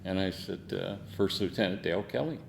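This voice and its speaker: A man's voice: low-pitched, brisk, gravelly, long reverb tail, slight background noise. An older man, a veteran, telling war stories in an oral history interview, salty and laughing, acting out the quotes. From United States.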